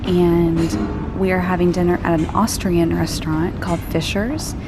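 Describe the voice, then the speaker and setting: A woman's voice: fairly low pitch, little pitch movement, measured pace, over music. A young American woman chatting enthusiastically with many fillers as she films a travel vlog. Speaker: travel vlogger. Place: out of doors in a park and city.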